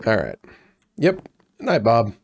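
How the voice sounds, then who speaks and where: A man's voice: lowish voice, huge pitch swings, takes it slowly, vocal fry, husky. A man giving casual, rambling commentary as he plays a video game, talking to himself in a playful way. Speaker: gaming YouTuber. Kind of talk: casual Let's Play commentary.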